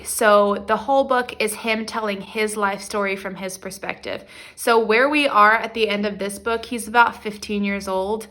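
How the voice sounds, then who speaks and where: A young woman vlogger chatting casually about her reading, rambling and excitable, with many fillers. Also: medium pitch, slight background noise. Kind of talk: casual chat to camera.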